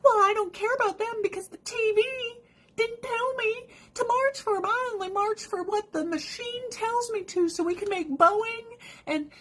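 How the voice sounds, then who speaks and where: Woman doing a smug clueless activist, high whiny mocking voice, shrill. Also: normal speed, a bit bright, poor audio.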